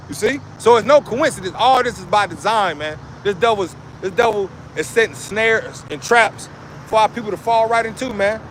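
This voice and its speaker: A man preaching to a street audience in slang, with constant asides like "man" and "you see". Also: high-pitched. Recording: outdoor street noise.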